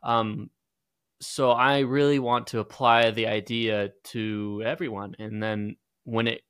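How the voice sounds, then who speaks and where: A man's voice: lowish voice, little pitch movement, slow, fairly bright tone, clear, resonant tone. A man co-hosting a podcast, working through his ideas hesitantly and restarting his sentences. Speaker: podcast co-host. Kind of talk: casual podcast talk.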